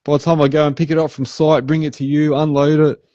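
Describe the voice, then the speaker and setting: A laid-back Australian man hosts a casual podcast chat, throwing in "man" and acting out customers' lines. His voice is mellow, dark and fairly high-pitched, delivered flatly and fast, on a dry, slightly muffled recording with no echo.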